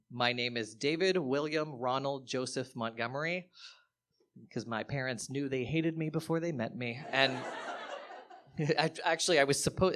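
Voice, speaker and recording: A man performing standup comedy live, animated and self-mocking, with swearing. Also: mid-range voice.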